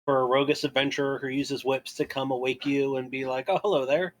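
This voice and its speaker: A man's voice: mid-range voice, monotone, fairly quick. An Irish man playing a tabletop game, joking bluntly and swearing freely. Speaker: player.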